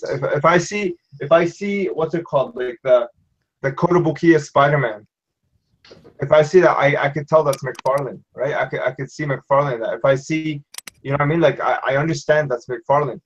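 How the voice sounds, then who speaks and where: A man on a collectors' panel, talking in a rambling way and often asking "you know what I mean". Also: a little high. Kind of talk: casual panel chat. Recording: dull lo-fi sound.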